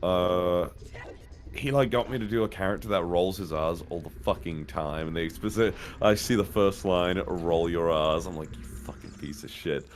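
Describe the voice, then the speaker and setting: British guy with a low voice, rambling and sweary; casual stream co-host. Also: moderate pace, a little hiss or hum. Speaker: guest co-host. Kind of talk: casual chat on a game stream.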